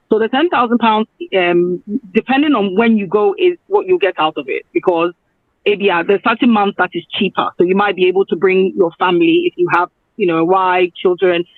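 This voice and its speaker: A man from Ghana, a guest on a radio show, talking in a halting, rambling way and often correcting himself. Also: sits high, no room sound. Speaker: guest promoting a travel raffle. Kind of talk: phone-in radio interview. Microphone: phone. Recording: tinny phone line.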